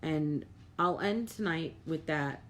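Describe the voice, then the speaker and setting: A woman's voice: deep voice, slow pace, a little hiss or hum. A middle-aged woman medium, hosting a live stream and talking earnestly to viewers, with lots of "like" and repeated words. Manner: reads out viewer comments and thanks viewers by name.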